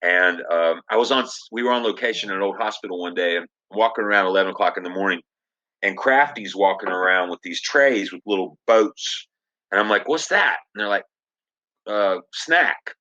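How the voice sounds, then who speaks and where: A man who works as an actor, telling stories as a podcast guest in a casual, animated way and acting out the lines of the people he quotes. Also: low voice, normal speed, lo-fi sound. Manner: animated storyteller, acts out quoted dialogue. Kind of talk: casual storytelling interview.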